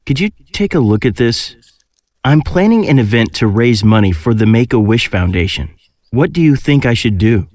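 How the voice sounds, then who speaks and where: Brief: male voice actor as upbeat young guy in textbook audio, lively intonation, dry studio read. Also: mid-range voice, normal speed, no echo, lightly acted. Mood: eager. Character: friendly young man planning a charity event. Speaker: textbook audio dialogue speaker. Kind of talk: scripted textbook dialogue.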